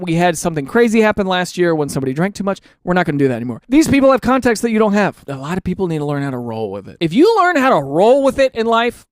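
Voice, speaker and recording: Male comic commentator, lively swooping delivery, dry close sound, sarcastic rants. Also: high voice, no echo. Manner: animated, sarcastic ranting with mock-outraged questions. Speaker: online commentator reading forum posts. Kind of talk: comedic reaction commentary.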